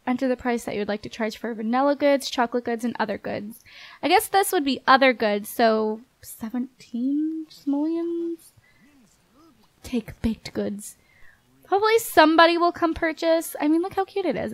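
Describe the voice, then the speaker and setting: A woman with a high, bright voice chats her way through a life-sim game, bubbly and quick to laugh, cheering on and scolding the characters on screen. Her voice is recorded close on a dry microphone with no room sound. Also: lively intonation, no room sound. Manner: bubbly, chatty, laughs often, talks to the characters. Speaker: gameplay commentator. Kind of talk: casual game commentary.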